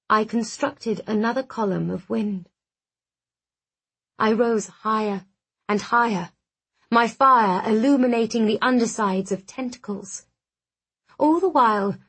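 A woman reading a first-person dark fantasy audiobook in a measured, dramatic way. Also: on the high side, breathy edge. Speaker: audiobook narrator. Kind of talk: first-person scripted narration.

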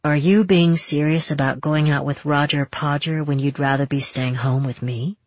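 A woman voicing a cocky, jealous young man who speaks in a low, taunting, intimate way. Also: steady tone, moderate pace, darkish tone, no echo. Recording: dull, muffled audio.

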